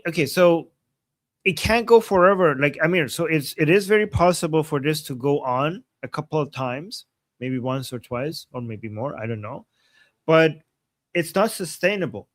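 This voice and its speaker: A man hosting a political livestream, thinking aloud with ums, thanking viewers and asking his guest questions. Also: a little high. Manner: musing, hesitant, reads viewer super chats. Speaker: livestream host. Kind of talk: live-stream political talk.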